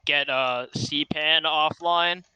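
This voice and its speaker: A man's voice: fairly high pitch, fairly even intonation, slow pace, sharp tone, clean tone, no echo, low-quality recording. A man chatting casually on a podcast, rambling with frequent restarts. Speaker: podcast guest. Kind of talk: casual chat.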